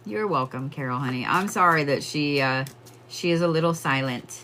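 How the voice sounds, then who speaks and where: A woman's voice: low voice, normal speed, pushed and bright. A woman giving casual psychic readings on a livestream, chatting with viewers and laughing often.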